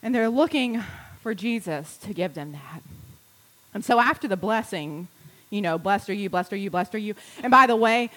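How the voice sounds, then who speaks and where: A woman pastor preaching a sermon in a church, moving between quiet, intimate repetition and emphatic rising lines. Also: mid-range voice, rough recording.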